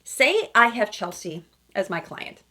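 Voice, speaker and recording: A woman's voice: medium pitch, sing-song, measured pace, bright, forceful tone. A woman couples therapist giving emphatic reaction commentary, often checking in with asides like "okay?" and "right?". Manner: emphatic, acts out quoted lines in other voices.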